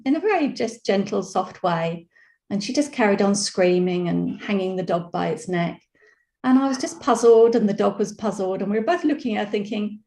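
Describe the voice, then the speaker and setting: A woman calmly telling a personal story on a video call, reflective and full of fillers. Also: mid-range voice, moderate pace. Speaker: program participant sharing a story. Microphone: video call microphone. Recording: roomy echoey video call audio.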